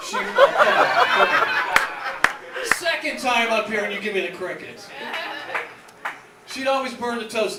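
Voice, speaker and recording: A man's voice: sits high, a bit bright, roomy sound, recorded from a distance, slight background noise. A man, a radio host, doing stand-up comedy on a club stage in a rambling, nostalgic style.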